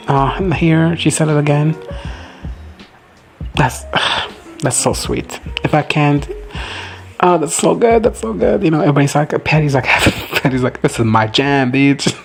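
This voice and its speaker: A man giving a casual recap and reaction to a show. He rambles excitably, swears freely and drops into quick quoted asides. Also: fairly high pitch, creaky. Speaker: reaction video host.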